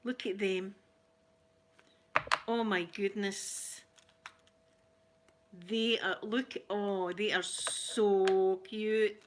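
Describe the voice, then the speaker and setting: A Scottish woman chatting through a gift unboxing at home, gushing and laughing easily, slipping between soft near-whispers and excited exclamations. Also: mid-range voice, very slow, long pauses, noisy background. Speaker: ASMR vlogger. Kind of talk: casual unboxing chat.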